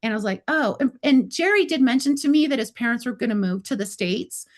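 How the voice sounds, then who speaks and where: A middle-aged woman with a high-pitched voice tells a long personal story in a relaxed, conversational way. She keeps acting out the dialogue, slipping into the voices of herself and others with "I was like" and "he's like.". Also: brisk. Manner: animated, acts out quoted dialogue with lots of "I was like". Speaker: guest telling her story. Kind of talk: casual storytelling.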